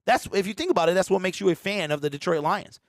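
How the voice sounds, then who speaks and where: A sports fan show host in his forties, lively and high-voiced, chats casually on a live-stream and reads viewer comments. He's animated, laughs often and speaks fast, straight to the audience. The recording is dry and studio quality.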